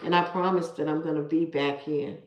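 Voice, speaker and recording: A middle-aged woman talks casually on a live stream, emphatic and a little preachy, circling back to repeat her points. Her voice sits slightly low. The room around her rings with echo. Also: fairly even intonation, brisk, muffled recording. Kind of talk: casual live-stream talk, reading viewer comments. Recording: roomy echo.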